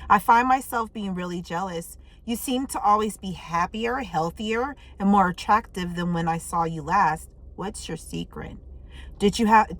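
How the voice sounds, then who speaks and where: A woman reading tarot messages in casual chat, candid and loose, swearing freely and reacting out loud. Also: medium pitch. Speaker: tarot reader.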